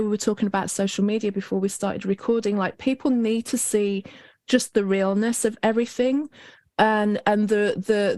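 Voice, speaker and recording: Woman podcast host, reflective and affirming, mid pitch, dry recording. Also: a little mellow, dry recording. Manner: reflective and affirming, many "like" fillers. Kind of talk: conversational podcast interview.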